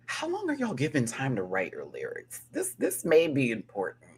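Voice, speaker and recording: A man's voice: mid-range voice, wildly swooping pitch, moderate pace, slight background noise. A man giving a sassy, dramatic casual rant reviewing a reality TV episode, with cackling asides.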